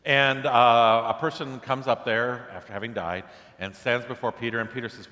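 A man's voice: medium pitch, fairly even intonation, normal speed, sharp tone, in a large hall. A man preaching a sermon in a conversational way, pushing his voice up for emphatic questions. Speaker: pastor.

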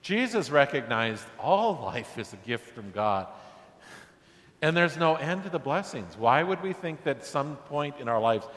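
A man's voice: medium pitch, very animated, a little slow, a bit bright, big-room sound. A man preaching a sermon to his congregation, earnest and telling stories with acted-out voices. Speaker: pastor.

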